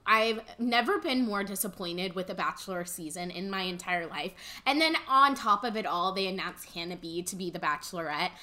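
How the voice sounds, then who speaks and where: A woman's voice: on the low side, moderate pace, few pauses, sharp tone. A young woman co-hosting a casual chat, blunt and emphatic in her opinions. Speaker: co-host.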